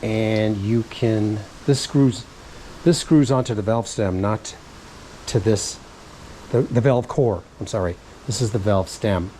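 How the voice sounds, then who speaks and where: A man's voice: on the low side, slow pace, mellow, slight background noise, rough recording. A man casually talking through a bike tube repair in a vlog, rambling, muttering to himself and swearing now and then. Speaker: vlogger.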